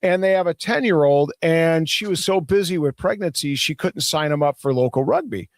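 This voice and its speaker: A man's voice: a little high, lively intonation, dry recording, clean studio sound. A man co-hosting a podcast, telling an easygoing family anecdote in casual chat. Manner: easygoing, anecdotal, quick to laugh along. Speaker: podcast co-host.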